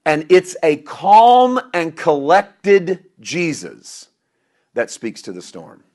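A middle-aged man preaching a sermon, swinging between loud emphatic lines and quiet asides, chuckling at himself now and then. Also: a little high, wildly swooping pitch, slow pace. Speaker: pastor.

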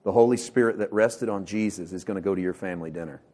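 A male pastor delivering a sermon with passion, swinging from loud bursts to hushed lines and repeating words as he builds emphasis. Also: sits low, fast talker. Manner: impassioned preaching with sharp swings from loud to hushed.

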